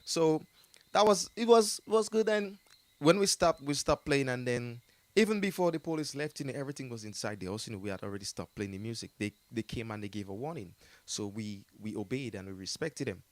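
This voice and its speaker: A man's voice: medium pitch, lively intonation, fairly quick. A man with a Jamaican accent telling a story in a casual interview, rambling with many fillers and frequent laughter. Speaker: artist telling his story as a guest.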